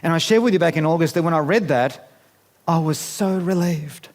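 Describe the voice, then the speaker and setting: Speaking at normal speed with a fairly high voice, a man in his 50s who works as a business speaker presents a playful, talkative seminar to a live conference room audience and puts questions to them.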